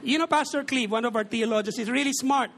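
A man's voice: extremely high pitch, quick pace, fairly bright tone, some chatter behind. A man in his forties with a Filipino accent, preaching a sermon as a pastor and joking as he mixes Tagalog and English.

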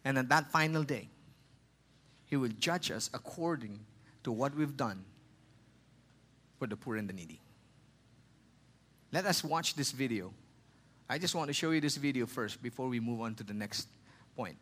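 A man's voice: lively intonation, normal speed, long pauses. A man from the Philippines with a Filipino accent, preaching a sermon in a conversational way. He often adds "okay?" and "you know" and repeats words for emphasis. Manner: drops quieter and lower when reading scripture. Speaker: pastor.

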